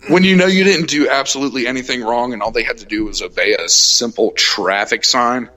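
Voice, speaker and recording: Bright-voiced man telling a profane story. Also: medium pitch, fairly quick. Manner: profane, heated retelling, acts out shouted quotes. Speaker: podcast host. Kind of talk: casual storytelling chat.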